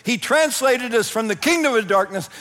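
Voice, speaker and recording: A man with a high voice delivers a sermon as a pastor. He preaches with animated energy, laughing often and crying out in places. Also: normal speed, big-room sound.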